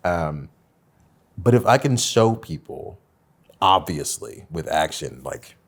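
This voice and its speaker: A young adult man hosting a podcast, talking in a reflective, soft-spoken, heartfelt way. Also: low voice, animated, slow pace. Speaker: podcast host. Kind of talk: casual heartfelt conversation.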